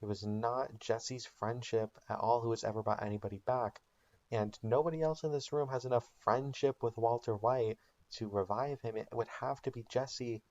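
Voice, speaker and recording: A man's voice: mid-range voice, steady tone, normal speed, darkish tone, muffled recording. A man telling a comedic made-up recap of a TV show in a casual storytelling way with ums and likes. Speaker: channel host.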